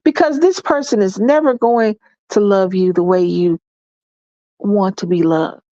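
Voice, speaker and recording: A woman's voice: medium pitch, measured pace, warm tone, no echo, dull audio. Congested woman giving relationship advice. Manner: folksy, preachy, addresses listeners as y'all and baby.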